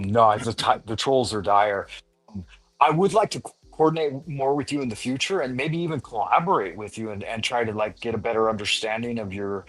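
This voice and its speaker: A man's voice: medium pitch, fairly bright tone, husky. A man hosting a live stream panel, talking in a rambling, playful way with many restarts. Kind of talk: casual chat.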